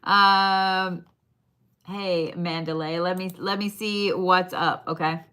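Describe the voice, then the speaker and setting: A woman's voice: on the low side, steady tone, takes it slowly, bright, forceful tone, clear, resonant tone. A woman giving bone readings on a live stream in a casual, chatty way, swearing now and then and talking straight to her viewers. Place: her shop.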